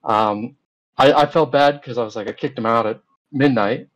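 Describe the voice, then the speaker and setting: A man's voice: mid-range voice, normal speed, low-quality recording. A man, a guest in an interview, recounting events in a rambling, casual way full of fillers and retold dialogue.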